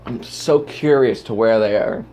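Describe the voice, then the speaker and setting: A man's voice: a little slow, a little hiss or hum. A man holding a phone camera and delivering a rambling vlog rant. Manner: rambling, jumps into loud squeaky quoted voices. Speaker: vlogger. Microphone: handheld phone camera.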